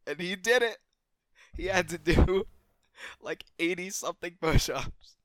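A man co-hosting a podcast, telling a childhood story in a casual, animated way and swearing freely. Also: unhurried, no room sound, studio quality. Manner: animated, gets louder and higher at the story's climax. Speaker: podcast co-host.

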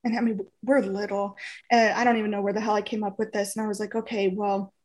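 A woman's voice: mid-range voice, little pitch movement, quick pace. A young woman co-hosting a casual podcast, telling a family story and often laughing through it. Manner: laughs through her story, drops to a soft aside for quotes. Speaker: podcast co-host.

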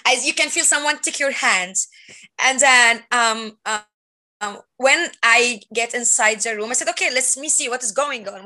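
A young woman from Egypt, sharing her faith testimony earnestly in halting, filler-filled English. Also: a little high, pushed and bright, poor audio. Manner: earnest, halting non-native phrasing with many fillers.

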